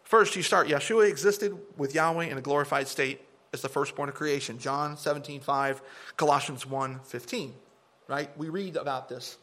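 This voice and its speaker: A preacher speaks at normal speed to his congregation, animated and forceful, mocking his opponents with impressions. His pitch sits slightly above the usual male range and jumps up sharply whenever he makes a point.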